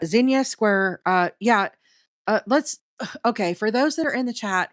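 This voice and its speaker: A woman's voice: mid-range voice, dry recording, clean studio sound. Chatty Southern woman hosting a livestream. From Alabama, US. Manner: chatty, rambling, talks straight to the chat. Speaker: crochet livestream host. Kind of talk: casual live-stream chat while crocheting.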